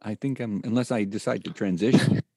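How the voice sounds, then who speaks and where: A man's voice: lowish voice, a little fast, gravelly, a little mellow, slightly rough, no room sound. A man who acts, chatting on a podcast in a self-deprecating way and laughing a lot. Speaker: podcast guest, actor. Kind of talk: casual chat.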